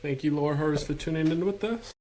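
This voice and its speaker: Higher-voiced man hosting a podcast over noise. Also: fast, a little mellow. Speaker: podcast host. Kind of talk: casual chat. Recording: clear background noise.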